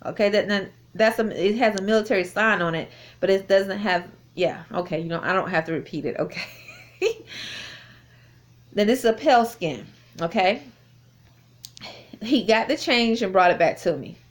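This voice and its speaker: A woman's voice: medium pitch, animated, normal speed, long pauses. A woman telling a personal story in a casual spoken testimony, rambling with many fillers and restarts, recorded indoors on a phone. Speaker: vlogger recounting a personal experience.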